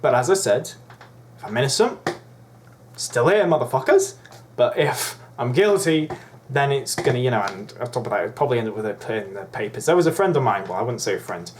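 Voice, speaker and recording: Young man, swearing, indignant, rambling, mid-pitched vlogger. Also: animated, fairly quick, slight background noise. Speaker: YouTuber. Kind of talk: ranting vlog monologue.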